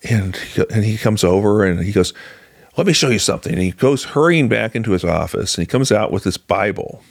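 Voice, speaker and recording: A man in his thirties or older from Illinois, telling a personal faith story casually, halting with fillers and restarts. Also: on the low side, vocal fry, no echo, clean studio sound. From Illinois, USA. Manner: conversational, halting with fillers and restarts, voices other people in quotes.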